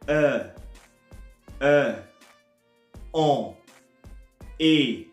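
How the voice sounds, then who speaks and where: A man's voice: medium pitch, very slow. A man teaching verbs in a casual online lesson, often checking in with "all right?". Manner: lively, repeats "all right?" after phrases. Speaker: French teacher. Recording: echoey room, soft guitar music.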